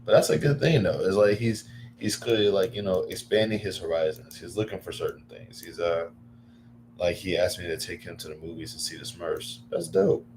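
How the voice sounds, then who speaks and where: Deep-voiced man rambling on a livestream. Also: a little fast, a little hiss or hum. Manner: rambling, filler-heavy, with excited bursts. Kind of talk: casual livestream chat.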